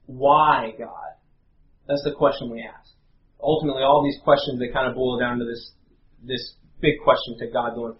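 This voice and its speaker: Male pastor, earnest and halting; roomy, slightly dull live recording. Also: medium pitch. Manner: earnest, halting with many fillers. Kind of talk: sermon with prayer and storytelling.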